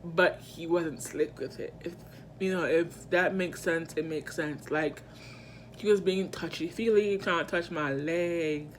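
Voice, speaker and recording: A woman vlogger telling a personal story in casual storytime style, animated and slangy, with emphatic asides to her viewers. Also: lowish voice, measured pace, a little hiss or hum.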